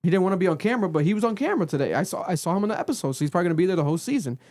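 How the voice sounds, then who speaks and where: A man co-hosting a podcast, recapping a reality show in casual chat and acting out quotes with sudden pitch jumps. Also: very fast. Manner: animated storytelling, acts out quotes with big pitch jumps. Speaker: podcast co-host. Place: podcast studio.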